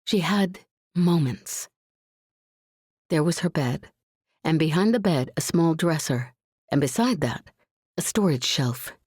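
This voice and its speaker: Low husky woman reading an audiobook. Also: expressive, slow pace, long pauses, darkish tone, no echo, studio quality. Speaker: audiobook narrator. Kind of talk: scripted audiobook narration.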